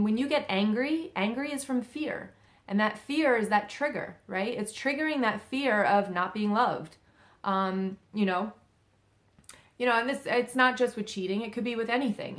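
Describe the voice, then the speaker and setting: A woman's voice: medium pitch, a bit bright. A young adult woman giving casual spiritual advice, talking in a loose, conversational way with many fillers and checks of "okay?". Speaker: psychic medium giving spiritual guidance.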